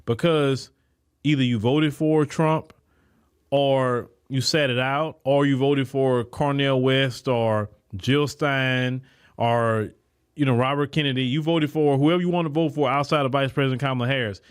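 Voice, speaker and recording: A man's voice: mid-range voice, steady tone, unhurried, clear, resonant tone. A man hosts a podcast, delivering an indignant political commentary monologue and repeating words when heated. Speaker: podcast host.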